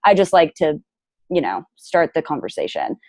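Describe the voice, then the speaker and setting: A young adult woman speaking as an interview guest, frank and lively in casual chat. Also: deep voice, normal speed, dry recording. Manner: frank and lively, plays devil's advocate.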